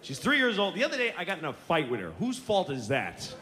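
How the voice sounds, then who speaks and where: A man's voice: high voice, wildly swooping pitch, fast talker. A man in his forties doing a stand-up routine, telling stories in an exasperated, profane way. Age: 40s. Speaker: stand-up comedian. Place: theater stage before an audience. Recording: live show with room noise.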